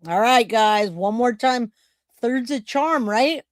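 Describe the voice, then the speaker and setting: A woman's voice: fairly high pitch, slow, dry recording, studio quality. A woman hosting a true crime livestream, talking casually and directly to her chat viewers.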